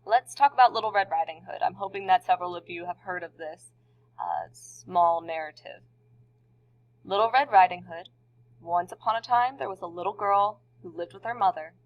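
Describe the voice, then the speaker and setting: A woman's voice: medium pitch, moderate pace. A woman teacher giving a recorded lesson to her students in a conversational way, asking the class questions. The recording sounds dull and lo-fi.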